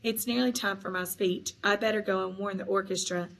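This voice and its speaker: A proud old-fashioned gentleman ghost, stiffly formal and quick to sound bitter when slighted, played by a woman reading a storybook. He clings to his dignity. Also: medium pitch, steady tone, vocal fry.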